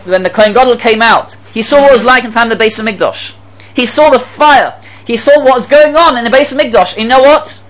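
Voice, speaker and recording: A man's voice: very high-pitched, a bit bright, rough recording. A man teaching a Torah lecture to his students, emphatic, repeating key phrases and asking the class rhetorical questions. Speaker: yeshiva teacher.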